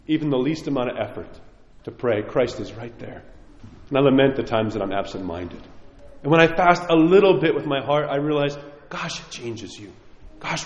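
A man, a priest, giving a sermon with impassioned, conversational preaching that drops suddenly quiet. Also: on the high side. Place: church. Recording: echoey church hall.

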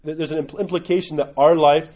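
A man with a slightly high, husky voice talks through church teaching casually, tossing in "right?" again and again. The recording is a bit dull and lo-fi. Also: fairly even intonation, fairly quick, mellow. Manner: conversational, repeats "right?" often. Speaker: Orthodox priest. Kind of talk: informal teaching talk.

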